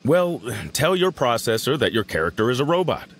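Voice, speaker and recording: A man's voice: mid-range voice, big pitch swings, brisk, a little hiss or hum, natural voice. An actor playing a man who patiently coaches a robot before filming, in a coaxing, instructive way. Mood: coaching.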